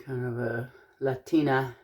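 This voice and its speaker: Middle-aged woman from eastern washington, really low voice, slow easy pace, chatty and a bit corny while she shows a craft. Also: steady tone, darkish tone. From Eastern Washington, USA. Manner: chatty, thinks aloud, corny jokes. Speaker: jewelry-making tutorial host. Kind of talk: casual crafting demonstration.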